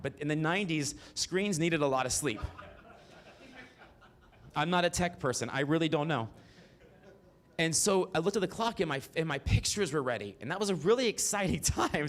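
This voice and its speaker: A man's voice: a little high, fairly bright tone. A man, telling his life story on stage in a frank, profane style with asides to the audience. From Mississippi. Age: 40s. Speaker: solo performer. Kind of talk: autobiographical stand-up storytelling.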